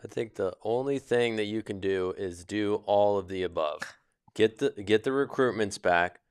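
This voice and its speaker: A man's voice: fairly low pitch, normal speed, clear, resonant tone, dry recording, clean studio sound. A man co-hosting a casual sports talk show, speaking in a laid-back way with some hesitant restarts. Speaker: co-host.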